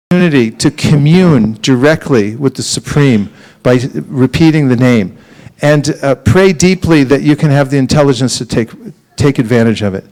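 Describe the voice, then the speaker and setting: A man giving a lively, humorous devotional talk at a temple and leading group chanting. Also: medium pitch, rough recording. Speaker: spiritual teacher.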